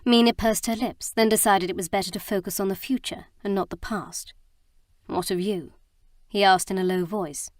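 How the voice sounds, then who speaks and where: Scripted narration of a romance audiobook comes from a medium-pitched woman who keeps her storytelling steady and measured. There's no room sound, just clean studio audio.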